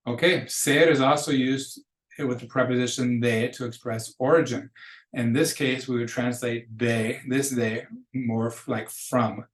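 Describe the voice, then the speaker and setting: A man gives a recorded lesson, patiently working through examples and repeating key phrases. His voice sits in a middle pitch. The room around him is echoey. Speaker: Spanish teacher. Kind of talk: recorded lecture for students.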